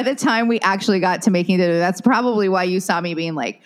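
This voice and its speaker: A woman's voice: fairly low pitch, fast talker. A woman co-hosting a podcast, chatting casually and rambling, laughing often. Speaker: podcast co-host. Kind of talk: casual chat.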